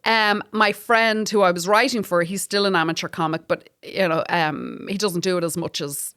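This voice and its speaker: Irish woman telling lively stories. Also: fairly low pitch, moderate pace, clear, resonant tone. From Ireland. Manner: lively storytelling, swears freely, laughs often. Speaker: guest comedian. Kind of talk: casual chat.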